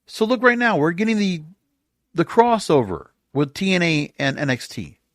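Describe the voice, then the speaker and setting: Podcast host, male, fairly high voice, sarcastic and exasperated, dry close-miked sound. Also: big pitch swings, moderate pace, dry recording. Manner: sarcastic, exasperated, rhetorical questions. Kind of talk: opinionated solo podcast rant.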